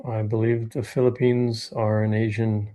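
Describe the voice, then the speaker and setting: A man's voice: lowish voice, level tone, normal speed, warm tone. A man co-hosting a podcast, trading dry, teasing comebacks in casual banter. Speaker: podcast co-host.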